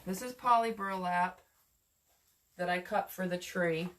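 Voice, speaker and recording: A woman's voice: on the low side, unhurried, fairly bright tone. A woman giving a casual, rambling live craft lesson on wreath making, chatting with viewers and answering their comments as she works.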